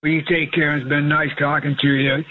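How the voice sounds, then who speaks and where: A man in his eighties calling a radio show, talking in a gentle, rambling way. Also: a little high, level tone, brisk, narrow, tinny audio, a little hiss or hum. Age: 80s. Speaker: radio caller.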